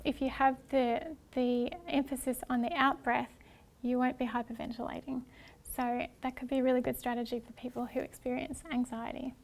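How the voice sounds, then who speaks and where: A woman presenting a workshop talk in a gentle, hesitant way, with many ums and restarts. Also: high-pitched, level tone, moderate pace, vocal fry. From Australia.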